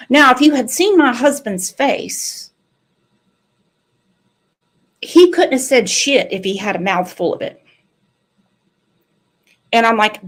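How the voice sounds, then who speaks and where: A woman's voice: a little high, lively intonation, moderate pace. A woman, a true crime commentator telling sarcastic, profane stories in casual chat. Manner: salty, sarcastic storytelling with swearing.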